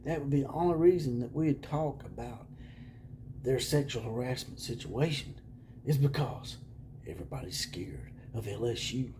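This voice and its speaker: Sarcastic man with a dark, mellow voice. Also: mid-range voice, moderate pace, a little hiss or hum. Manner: sarcastic, chuckling, drops into hushed mock-whispers. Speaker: college football commentator and channel host. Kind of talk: casual sarcastic video monologue. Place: room at home.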